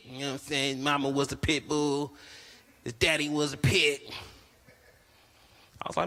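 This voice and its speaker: A young stand-up comedian from the Bay Area with a bright, forceful voice. He tells stories animatedly and jumps his pitch up to act out his friends' lines. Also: a little fast, pauses often, long reverb tail. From Bay Area, California.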